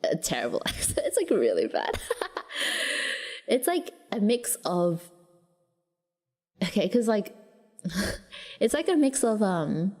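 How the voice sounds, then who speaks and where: A woman's voice: medium pitch, huge pitch swings, takes it slowly, pauses often, dark tone. A woman with an Australian accent chats loosely with her livestream viewers and rambles from one thought to the next. She keeps restarting her sentences and giggling. Her voice sits in a middling register, and a long reverb tail trails behind her words. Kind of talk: casual chat with viewers.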